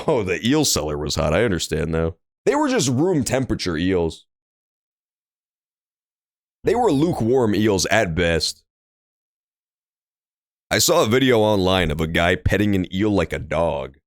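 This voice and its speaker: In casual let's-play commentary, a young man streams a courtroom game, rambling and joking crudely as he goes. His low-pitched voice is very animated, though unhurried and full of pauses. The room is dry with no room sound, and faint game music is audible.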